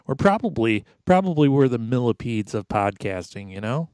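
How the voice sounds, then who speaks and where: A man's voice: medium pitch, sing-song, normal speed, darkish tone, clean tone, dry recording. Middle-aged guy hosting a comedy podcast, joking and teasing, dry close sound. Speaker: podcast host. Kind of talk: casual comedy podcast banter. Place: home podcast booth.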